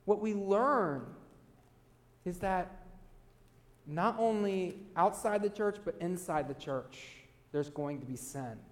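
A male pastor preaching a sermon, earnest, swinging between loud emphasis and quiet low asides. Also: animated, takes it slowly, in a large hall.

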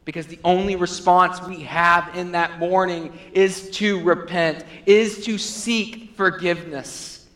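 A pastor preaching in a sermon, his voice a bit high for a man, dropping low and soft before climbing to loud, urgent peaks. A long reverb trails every phrase, as in a large hall. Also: fairly even intonation, slow pace. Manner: preaching with wide swings between quiet, low passages and loud, high climaxes.

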